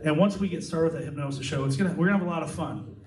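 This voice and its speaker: A man from Iowa working as a stage hypnotist, giving calm, repetitive suggestions to volunteers in a live show. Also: on the high side, rapid-fire, background noise. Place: large indoor hall, school party. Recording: echoey hall from far off with music.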